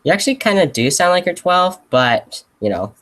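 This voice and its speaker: A teenage boy hosting a casual live Q&A stream, talking in a rambling, halting way with lots of fillers. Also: sits high, very animated, a bit bright, poor audio. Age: teens.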